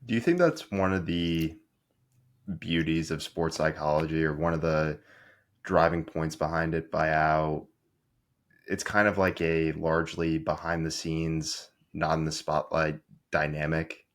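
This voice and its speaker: Man with a very deep voice asking questions. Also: fairly even intonation, unhurried. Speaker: podcast host. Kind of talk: interview questions.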